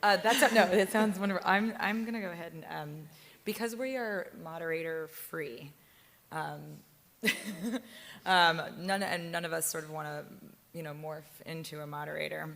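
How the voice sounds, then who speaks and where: A woman's voice: on the low side, moderate pace, gravelly, fairly bright tone. A woman author opening a panel discussion, self-deprecating and laughing, with lots of fillers. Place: stage at a book fair.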